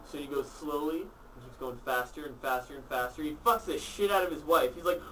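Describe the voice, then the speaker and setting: A man's voice: fairly high pitch, a little fast, fairly bright tone, recorded from a distance, slight background noise. A man telling a crude joke to friends in an apartment, swearing and acting out the dialogue. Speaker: joke teller. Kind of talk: telling dirty jokes among friends.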